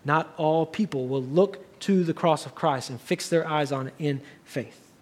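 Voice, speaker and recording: A man's voice: on the high side, measured pace. A man preaching a sermon as pastor, earnest, building to raised emphatic passages.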